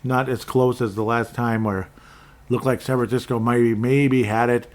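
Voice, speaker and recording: A man's voice: medium pitch, steady tone, moderate pace, darkish tone. A man from Minnesota hosting a sports podcast, rambling casually with sarcastic asides and frequent restarts.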